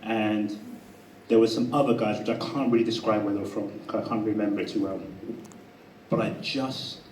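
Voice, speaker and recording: A man telling a personal story to a live audience in a chatty, animated way, often laughing. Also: on the low side, moderate pace, roomy sound, distant mic, slight background noise, low-quality recording. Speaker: speaker at a live talk. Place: event room with an audience.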